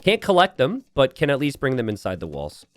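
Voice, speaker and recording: Dude casting a strategy game, chill and analytical, mid-pitch voice. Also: male voice, huge pitch swings, brisk, no echo. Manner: analytical, easygoing. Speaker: game commentator. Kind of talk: live match commentary.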